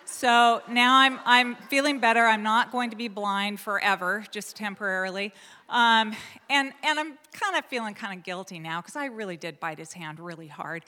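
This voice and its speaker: A woman from Portland, Oregon, telling a personal story live on stage in a lively, animated way, full of fillers and restarts. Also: on the high side, moderate pace, a little hiss or hum. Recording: long hall reverb.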